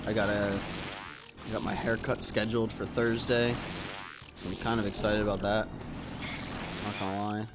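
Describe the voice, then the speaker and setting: A man's voice: lowish voice, gravelly. A young man from Washington State streaming a game, chatting casually and answering his chat in a laid-back, rambling way. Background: game music.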